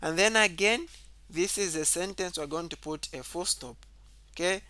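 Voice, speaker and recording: On a dry recording, a male grammar teacher explains things one step at a time at normal speed. Key points get repeated, "okay" comes up constantly, and his example sentences are read out louder and higher, with extra emphasis.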